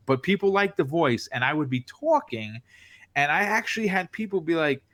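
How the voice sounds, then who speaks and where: A man telling stories as a podcast guest in casual chat, with a distinctive voice, animated and full of restarts. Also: fairly high pitch, normal speed, dry recording. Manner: animated, lots of restarts, acts out quoted reactions. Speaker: podcast guest, content creator.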